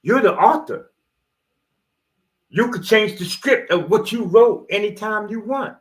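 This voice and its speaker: Animated, preachy man with a lively voice. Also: high-pitched, measured pace. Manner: animated, preachy, swears and jokes freely; slangy, street-style talk. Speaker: motivational video host. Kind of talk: rambling motivational monologue.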